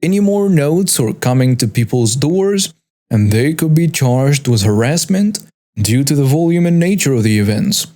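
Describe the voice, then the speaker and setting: A man's voice: medium pitch, animated, normal speed, dark tone. A man reading out a first-person story as the narrator of a storytelling channel.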